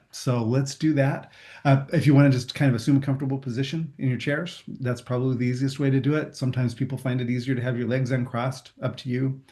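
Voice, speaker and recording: A man leading a group through a guided meditation, calm and gently reassuring. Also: medium pitch. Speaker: meditation instructor. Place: room with a group.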